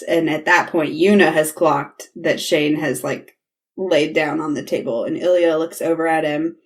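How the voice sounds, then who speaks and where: A woman's voice: sits low, steady tone, a little slow. A woman hosting a podcast, recapping a TV episode in casual chat and acting out the characters' lines as she retells scenes. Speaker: podcast host.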